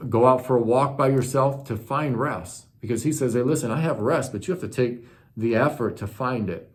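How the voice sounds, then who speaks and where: A man's voice: medium pitch, normal speed. A man preaching a sermon in an earnest, conversational teaching manner, asking his listeners questions. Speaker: pastor.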